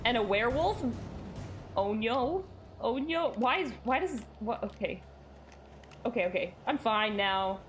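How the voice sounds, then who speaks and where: Young woman, gaming streamer, lively sing-song voice, giggly and excitable, faint background hiss. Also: on the high side, measured pace. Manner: giggly, excitable, thanking chat. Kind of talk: casual gaming stream chat.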